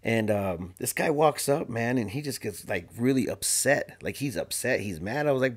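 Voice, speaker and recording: A man guest on a podcast telling a story in a casual, animated way, full of slang, fillers and restarts. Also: medium pitch, normal speed, few pauses, husky. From Arizona.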